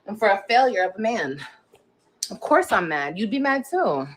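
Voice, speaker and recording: A woman's voice: mid-range voice, big pitch swings, normal speed, a little hiss or hum, low-quality recording. A woman venting on her livestream in a defiant, profane rant.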